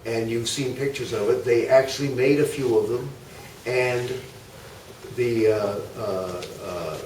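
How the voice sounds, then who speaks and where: An older man gives a rambling, anecdote-filled history talk to a club audience, slowly and with plenty of fillers. His voice sits at an ordinary pitch and comes from a distance in an echoey hall. Faint room noise hangs behind him. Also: steady tone, a little mellow. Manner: chatty, anecdotal, many uh fillers and asides. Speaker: guest speaker.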